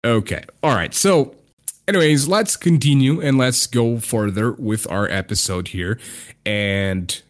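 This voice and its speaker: A man's voice: mid-range voice, a little slow. A young man hosting a casual podcast, rambling and hesitant with plenty of fillers. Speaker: podcast host.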